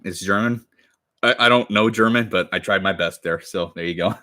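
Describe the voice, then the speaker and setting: A man's voice: fairly low pitch, steady tone, moderate pace, pushed and bright. A man in his twenties talking casually on a livestream while crafting, rambling and correcting himself as he chats with viewers. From United States. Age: 20s. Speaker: cosplay livestreamer.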